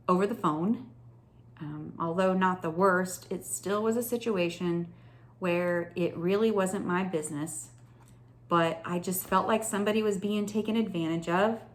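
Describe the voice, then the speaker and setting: Chatty, earnest woman sharing her faith. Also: on the low side. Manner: chatty and earnest, lots of fillers and asides. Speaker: host of a faith vlog. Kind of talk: casual faith testimony vlog.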